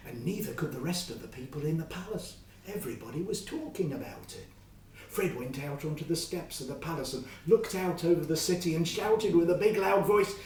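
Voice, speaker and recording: Lively male storyteller in an echoey room. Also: on the high side, distant mic, slight background noise. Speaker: children's storyteller. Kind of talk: Bible story narration for children.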